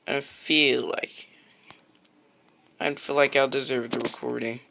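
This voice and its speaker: A man streams a block-building game on his own streaming mic, chatting casually in a rambling, slangy way that often trails off into a mutter. His medium-pitched voice moves at normal speed and sounds creaky, bright, and forceful. The recording is rough, with slight background noise.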